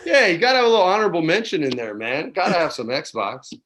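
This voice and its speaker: A man in his forties from New Mexico, a guest telling stories in a relaxed chat, dropping "man" and "dude" often, on a video call from home. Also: a little high, quick pace. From New Mexico, USA. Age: 40s. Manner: laid-back, peppers talk with "man" and "dude". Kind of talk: casual storytelling chat.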